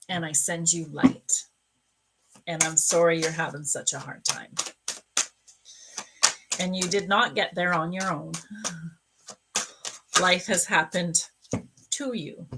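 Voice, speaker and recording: A woman's voice: on the low side, noisy background. A woman psychic medium giving a live-stream card reading, gushing and emotional as she talks to a viewer. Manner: gushing, emotional, warm-hearted talk.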